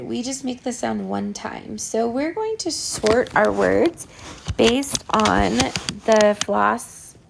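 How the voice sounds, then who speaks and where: Lady teacher talking slow to little kids, gravelly fry, sounds out each word. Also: a little high, slight background noise. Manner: slow, patient, sounding out words. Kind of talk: recorded phonics lesson for young pupils. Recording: iPad whiteboard voice recording.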